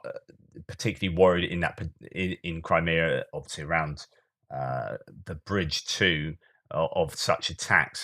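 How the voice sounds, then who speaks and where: A man with a fairly low voice delivers solo commentary on the news. He keeps things conversational, trips over his words and restarts often, and slips into sarcastic asides. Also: fairly bright tone.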